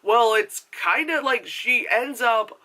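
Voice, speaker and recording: A vlogger rambles through a movie review to the camera, with a bright, clear edge on every word. The pitch leaps up and down as the talk runs on, full of swearing, fillers and sudden tangents. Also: takes it slowly. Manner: animated, swears often, mimics other people; heavy filler words, goes off on tangents. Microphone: camera mic.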